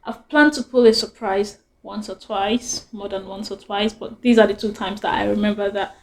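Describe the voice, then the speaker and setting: A woman's voice: medium pitch, steady tone, normal speed, a little hiss or hum. A young woman vlogger chatting casually and rambling through a storytime, often laughing.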